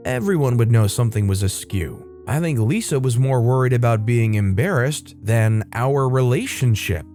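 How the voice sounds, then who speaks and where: A man at a middle pitch reads out a first-person story in a steady, scripted narrating voice. Faint music plays beneath him. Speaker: storyteller reading a forum post. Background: faint background music.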